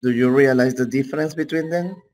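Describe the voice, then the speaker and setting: A man with a Peruvian Spanish accent, a native Spanish speaker teaching an English class online in an unhurried way, often checking in with "okay?". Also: mid-range voice, darkish tone, rough recording. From Peru.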